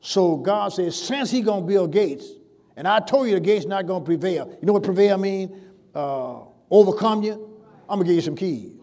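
Preaching man with rising loud swells. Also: high-pitched, expressive. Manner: preacherly, drawn-out emphasis on scripture with sudden loud swells. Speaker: pastor. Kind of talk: sermon.

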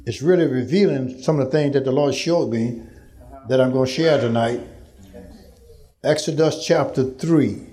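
A man preaching a sermon to a congregation, building from talk to shouted call-and-response. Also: medium pitch, moderate pace, pauses often. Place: large church hall with congregation. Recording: crowd noise from congregation.

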